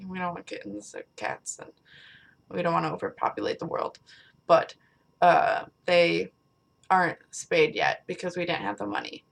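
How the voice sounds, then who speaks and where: Chatty young woman, slightly low voice. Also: creaky. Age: young adult. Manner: rambling, chatty, swears casually. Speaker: vlogger. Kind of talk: casual chat to camera. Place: small bedroom. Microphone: webcam.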